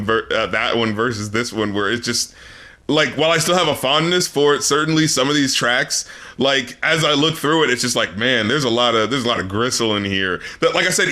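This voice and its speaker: Bright-voiced, high-pitched chatty man. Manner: rambling, laughing, mock-quoting lyrics. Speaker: podcast co-host. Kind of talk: casual album review chat.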